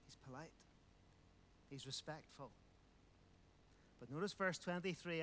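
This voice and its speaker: A man's voice: a little high, unhurried, pauses often, fairly bright tone. A man preaching a sermon, emphatic, repeating phrases and asking rhetorical questions.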